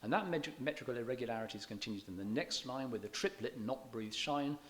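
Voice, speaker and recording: A man giving a public lecture on poetry, measured and scholarly, slowing down to read verse aloud with stressed beats and sometimes restarting his words. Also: mid-range voice, expressive, fairly bright tone, a little hiss or hum. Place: church hall.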